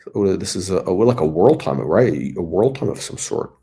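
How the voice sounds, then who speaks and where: Chatty middle-aged man, low and lively. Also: quick pace. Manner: rambling, chatty, searching for words. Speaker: watch review host. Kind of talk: casual commentary and storytelling.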